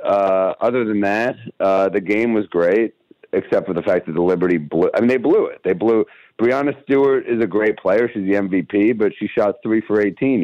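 A man with a low voice tells wry stories on a podcast, acting out little quoted asides as he goes. The sound is dry and a bit muffled, like a radio studio feed. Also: a little mellow, dry recording. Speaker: comedian guest. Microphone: studio microphone.

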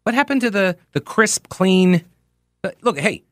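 High and animated yet unhurried, this radio talk show host in his forties hails from Charlotte, North Carolina. He rambles through tangents, teases himself, and mixes casual monologue with readings. The sound is studio quality and echo-free.

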